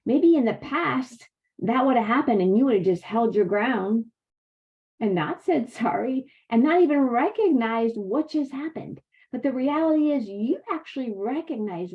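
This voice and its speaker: A middle-aged woman with a slightly high voice talks to her viewers as a wellness coach, warm in her faith and encouraging. She calls them "you guys" and talks as if to friends. The recording is a little muffled and lo-fi. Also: animated, moderate pace. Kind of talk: motivational talk to camera. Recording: slightly dull lo-fi sound.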